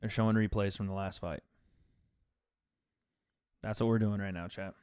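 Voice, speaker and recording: Sitting on his couch at home without his usual setup, this Tennessee streamer is laid-back and profane as he talks with viewers and reads out chat donations. His lowish voice is darkish and smooth with fairly even intonation at a normal pace, captured in clean studio sound with no echo.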